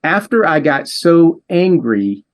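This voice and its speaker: A man guest in an interview, earnestly telling a long personal story with halting restarts. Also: on the high side, big pitch swings. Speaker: interview guest, device developer.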